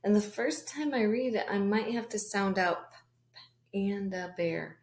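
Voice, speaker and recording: Speaking slowly and encouragingly in a mid-range voice, a woman teaches kindergarteners a reading lesson, addressing the children directly. The room sounds echoey.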